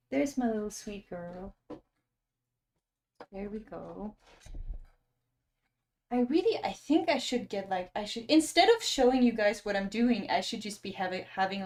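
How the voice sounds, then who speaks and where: Young woman, art-stream host, soft and chatty, laughs easily, talks to viewers while painting. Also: mid-range voice. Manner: chatty and gentle, laughs often, reads chat aloud. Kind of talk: casual livestream chat while painting.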